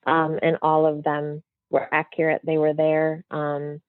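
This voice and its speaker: Brief: chatty woman guest, lowish voice, thin phone-line sound. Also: completely flat delivery, measured pace, smooth, no room sound. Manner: chatty, rambling, lots of fillers. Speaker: guest medium. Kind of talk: casual storytelling in a podcast interview. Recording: dry, thin phone-like audio.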